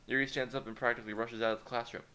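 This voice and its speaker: A man's voice: mid-range voice, steady tone, bright, forceful tone. A man streamer reading a visual novel aloud with voices, joking and playful. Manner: joking, playful, quick to laugh.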